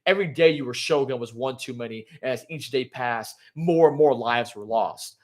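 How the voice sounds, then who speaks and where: A man's voice: medium pitch, normal speed, natural voice. A man reading out the lines of a defiant young woman who sternly scolds a tyrant. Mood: scolding.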